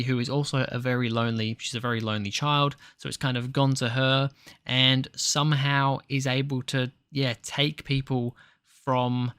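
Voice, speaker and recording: A man talks through a TV episode review in a loose, meandering way, often pausing on ums and restarting his sentences. His voice sits at an ordinary middle pitch for a man. The sound is dry and close, with no room echo. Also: fairly bright tone. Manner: hesitant, filler-heavy, rambling. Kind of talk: casual spoken review.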